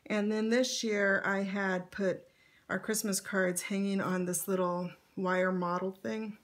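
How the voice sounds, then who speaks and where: A middle-aged woman talks through her scrapbook pages in a loose, chatty way. She pauses on fillers and breaks into light laughs now and then. Her voice sits at an ordinary middle pitch. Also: little pitch movement. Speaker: scrapbook vlogger. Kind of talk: casual show-and-tell narration.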